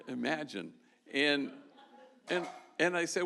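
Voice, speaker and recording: A man's voice: mid-range voice, lively intonation, a little slow, gravelly, a bit bright, slight background noise. A man, a Jesuit priest, giving an award talk to an audience, telling stories in a loose, conversational way with frequent restarts. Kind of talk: storytelling speech to an audience. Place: event hall with a live audience.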